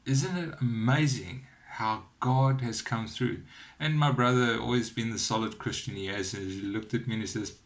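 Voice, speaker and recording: A man telling a personal faith testimony to his camera at home, earnest and encouraging, with lively storytelling. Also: medium pitch, moderate pace. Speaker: Christian vlogger sharing testimony. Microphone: camera on a cheap wobbly phone holder.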